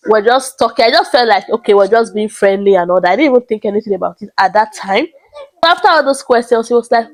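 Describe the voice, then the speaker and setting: A young woman telling a story to her vlog viewers, dramatic and expressive. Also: medium pitch, fast, poor audio. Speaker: vlogger.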